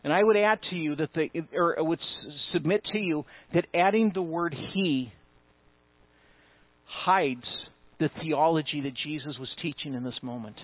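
A man's voice: fairly high pitch, normal speed, no room sound. A man preaching a sermon as pastor, emphatic and conversational, with asides to the congregation. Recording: tinny phone-like sound, dry.

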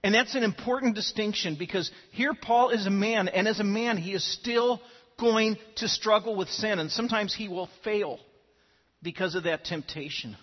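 A male pastor gives an earnest sermon in a high, husky voice, often repeating words as he starts his phrases. The recording is dull and lo-fi, with a long reverb trailing through a church hall. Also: normal speed. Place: church sanctuary.

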